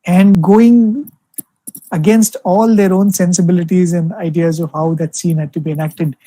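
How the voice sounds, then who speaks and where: A young man gives a devotional talk over a video call, telling stories gently with lots of "you know" fillers. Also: high-pitched, steady tone, moderate pace, dry recording, poor audio. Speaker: spiritual speaker addressing alumni.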